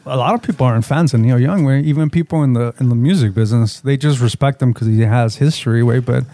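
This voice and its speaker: A man's voice: mid-range voice, quick pace, mellow, no echo. A man co-hosting a casual podcast, talking in a profane, rambling way full of filler words. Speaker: podcast co-host.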